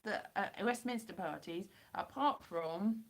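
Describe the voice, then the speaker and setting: A hoarse woman from the United Kingdom rambling and joking as she chats with viewers on a live stream through a computer mic. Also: mid-range voice, unhurried. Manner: rambling and jokey, chatting to viewers. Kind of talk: casual live-stream chat answering viewers.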